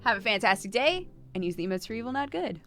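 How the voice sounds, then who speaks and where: A woman's voice: on the high side, very animated, fast, a bit bright, soft background music. A woman streamer chatting casually and laughing often while reading game dialogue aloud. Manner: giggly, playful, reads game lines aloud. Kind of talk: casual live-stream commentary.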